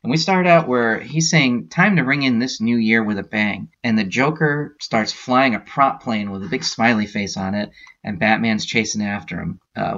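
Man, podcast host, gravelly voice, lo-fi dull recording, casual comic recap. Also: medium pitch, fairly bright tone. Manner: retells scenes with quoted lines, many uh fillers. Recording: dull lo-fi sound.

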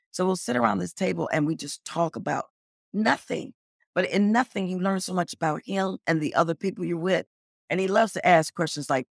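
Animated, gravelly-voiced middle-aged woman. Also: no echo, clean studio sound. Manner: animated, acts out quoted dialogue with big pitch jumps. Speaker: guest. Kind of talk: casual interview storytelling.

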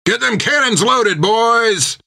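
A man's voice: sits high, animated, moderate pace, vocal fry, sharp tone, pitched above the performer's own voice, heavily acted. A man voicing a bossy male pirate captain who roars his orders. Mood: bellowing orders. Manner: roaring orders.

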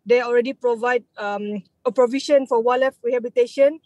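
A woman's voice: a little high, steady tone, brisk, darkish tone, no room sound, poor audio. Hesitant Malaysian woman conservationist. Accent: Malaysian English. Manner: hesitant, many fillers and restarts. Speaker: conservation group president. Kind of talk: guest on a radio interview.

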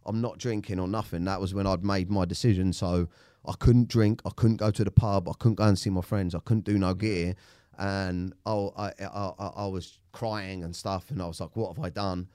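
A man with a very deep voice speaks haltingly about a painful time, often stopping and restarting his sentences. He is recorded close and dry. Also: steady tone, warm tone, clean tone, dry recording. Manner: halting, emotional, many restarts. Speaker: podcast co-host. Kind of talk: candid personal story.

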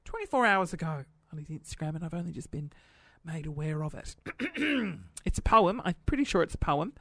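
A man's voice: fairly high pitch, big pitch swings, brisk, fairly bright tone, no echo, studio quality. A man hosting a podcast, delivering a sarcastic, playful comedic monologue. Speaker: podcast host.

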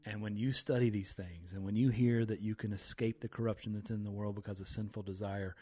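A man's voice: lowish voice, a little mellow. A man hosting a faith podcast, talking with fired-up, preachy energy and reciting scripture with emphasis. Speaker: podcast host.

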